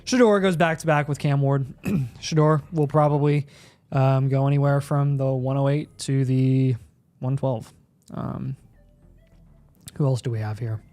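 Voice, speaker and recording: A young man co-hosting a casual live stream, rambling through fantasy football draft analysis, often repeating words and clearing his throat. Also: medium pitch, steady tone, a little slow, a little mellow, dry recording.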